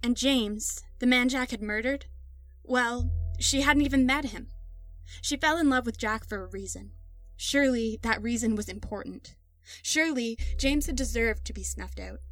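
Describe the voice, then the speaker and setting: A woman with a fairly high voice reads a dark story in a measured, dramatic way. The recording is dry and close, with faint music playing under her voice. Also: dry recording. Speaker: narrator. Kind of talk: scripted narration.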